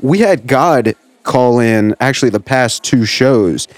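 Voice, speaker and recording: A man's voice: mid-range voice, slow, no room sound. A man hosting a comedy podcast, bantering and playing along with callers. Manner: bantering, plays along deadpan. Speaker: podcast host. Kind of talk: casual comedic chat.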